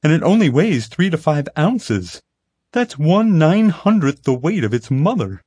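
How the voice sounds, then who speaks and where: A man's voice: fairly high pitch, sing-song, unhurried, mellow, slightly rough, no room sound, voice pushed up, heavily acted. An eager young woman keeper spills fact after fact, as a male reader puts her on. Her voice swings up and down with enthusiasm. It is recorded dry and close for a storybook. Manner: eager, rattles off facts. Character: chatty lonely young female panda keeper. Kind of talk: audiobook character voice. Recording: dry close studio sound.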